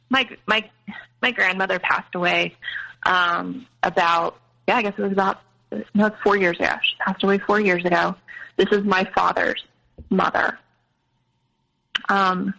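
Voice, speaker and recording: A woman's voice: mid-range voice, creaky, pushed and bright, low-quality recording. A woman guest telling a personal family story in an interview, hesitant, with many fillers and restarts.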